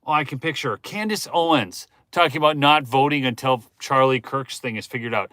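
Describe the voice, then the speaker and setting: A man's voice: brisk, few pauses, no echo, studio quality. Chatty man ranting to his viewers. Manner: chatty, talks straight to viewers, asks the chat questions; swings from low muttering to loud exclamations. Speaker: livestream host. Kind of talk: rambling political livestream rant.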